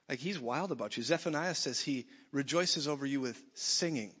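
Blunt, animated preacher in a big hall. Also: male voice, mid-range voice, fast, hardly any pauses, husky. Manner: animated, blunt, jokey, swings from loud to soft. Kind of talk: sermon. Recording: dull sound in a reverberant hall.

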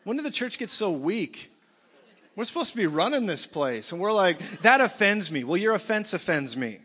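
A man preaching a sermon in a church, blunt and jokey, swinging from loud to soft. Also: high voice, sing-song, moderate pace, husky. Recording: dull sound in a reverberant hall.

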